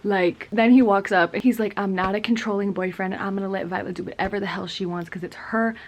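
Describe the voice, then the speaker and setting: A young woman recapping a novel in a chatty, gushing way, filling her talk with "like" and quick acted-out quotes. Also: medium pitch, fairly even intonation, a little hiss or hum. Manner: chatty, gushing, full of "like" and quick voiced asides. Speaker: book vlogger. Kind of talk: casual book recap.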